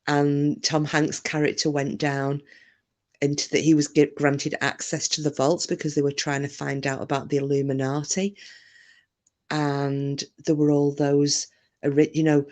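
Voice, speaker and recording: A woman from England hosts a relaxed livestream chat. She rambles from topic to topic, reads out her viewers' comments and pokes fun at herself. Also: low-pitched, unhurried. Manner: chatty, reads out viewer comments, self-deprecating. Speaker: livestream host. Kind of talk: casual chat with live viewers.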